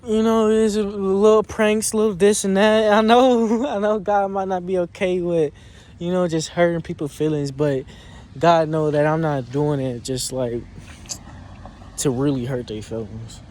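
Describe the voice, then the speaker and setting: A young man with a squeaky voice chatting casually in a vlog, rambling with restarts, recorded on a phone outdoors. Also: fairly even intonation, a little mellow. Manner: rambling, restarts, drawn-out pauses. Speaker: vlogger.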